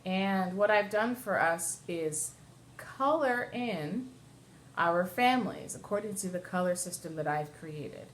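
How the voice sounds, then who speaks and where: A woman's voice: on the low side, lively intonation, a little slow, slight background noise. A woman cantor teaching a class on Torah chanting, explaining patiently and singing short chanted examples. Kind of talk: class lesson with sung examples.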